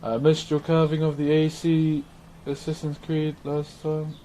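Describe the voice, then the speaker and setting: Relaxed New Zealand man streaming as he carves, slangy and easygoing, slow delivery, light noise behind. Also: a little high. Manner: laid-back, laughs often, slangy. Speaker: streamer and woodcarver. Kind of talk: casual live-stream chat while carving.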